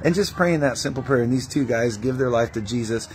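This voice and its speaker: A man's voice: mid-range voice, brisk, slight background noise. A man preaching a testimony-style sermon as an evangelist, telling stories animatedly and acting out prayers and dialogue.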